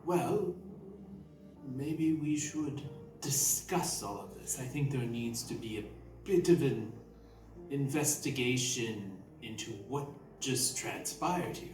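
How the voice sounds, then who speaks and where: A fussy, formal old eccentric voiced by a man, a little higher than a plain speaking voice and swinging widely in pitch. He sounds prim and indignant. The voice is heard from a distance in a roomy space, with faint music playing underneath. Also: lively intonation, slow pace, a little mellow.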